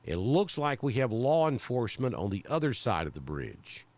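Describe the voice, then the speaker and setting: A man's voice: mid-range voice, big pitch swings, normal speed, a little mellow, no echo. Southern man rambling through live storm coverage. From central Alabama. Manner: rambling, thinking aloud with many fillers. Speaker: weather broadcaster.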